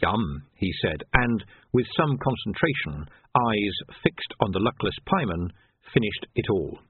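A man reading a comic novel aloud in an expressive, wry storytelling manner. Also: lowish voice, unhurried, a little hiss or hum. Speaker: audiobook narrator. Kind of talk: storybook narration. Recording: dry, phone-like narrow sound.

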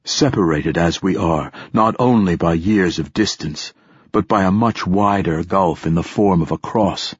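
Male audiobook narrator: low, husky, dry and close, solemn and measured, slightly muffled sound. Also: no room sound. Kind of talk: scripted first-person narration. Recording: dull, muffled recording.

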